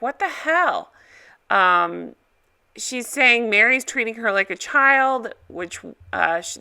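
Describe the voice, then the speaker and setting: A woman's voice: medium pitch, bright, forceful tone, clear, resonant tone. A woman hosting a reaction video, giving a casual, blunt and opinionated recap.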